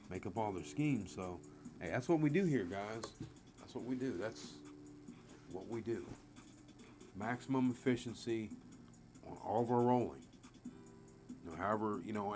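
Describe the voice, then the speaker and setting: Excitable low-voiced man, music behind. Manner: excitable, rambling, swears freely. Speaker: craps dice-control streamer. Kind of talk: casual live-stream talk.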